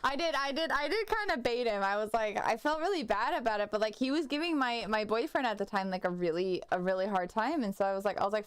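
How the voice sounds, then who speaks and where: A young woman talks loosely to her viewers while she games, drifting from one thought to the next and stacking up "like" and false starts. Her voice comes through smooth and clean. The sound is dry and close, with no room echo. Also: a little high, expressive, fast, hardly any pauses. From United States. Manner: rambling and chatty, full of "like" and restarts. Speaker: streamer. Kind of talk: casual live-stream chat while gaming.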